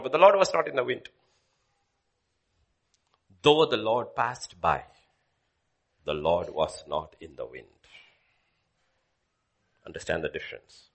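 A man preaching a sermon, swinging from loud declaiming to hushed whispers. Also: lowish voice, slow, gravelly, long pauses.

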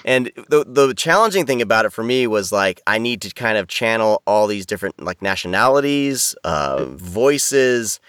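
A man's voice: on the low side, expressive, moderate pace, few pauses, fairly bright tone, clear, resonant tone, dry recording, studio quality. A man talking casually as a podcast guest, rambling with many restarts and fillers over a video call. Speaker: audiobook narrator, podcast guest.

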